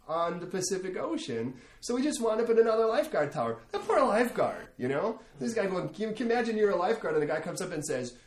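Storytelling pastor in an echoey hall. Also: male voice, sits high. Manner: storytelling, rising to animated emphasis. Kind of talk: sermon. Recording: echoey room, faint ambience.

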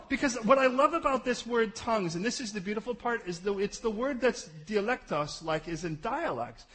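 A man preaching a sermon, animated and jokey, swinging from loud bursts to low asides. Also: slightly rough, low-quality recording. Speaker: pastor.

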